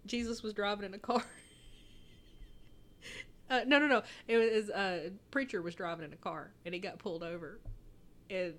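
A woman co-hosting a podcast in casual chat, animated and quick to laugh, swearing freely. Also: mid-range voice. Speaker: podcast co-host.

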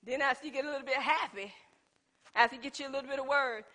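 A woman delivers a sermon in a high voice, talking straight to the congregation as "y'all". Her tone is bright and ringing. She moves from easy conversational storytelling into loud, impassioned exhortation. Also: fast talker. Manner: conversational preaching that builds to impassioned calls; informal, addresses the congregation as y'all. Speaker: preacher.

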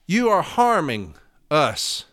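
A man's voice: a little high, very animated, slow, fairly bright tone. A man hosting a show, ranting with profane, sarcastic fire about union matters. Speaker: podcast host. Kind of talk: ranting commentary.

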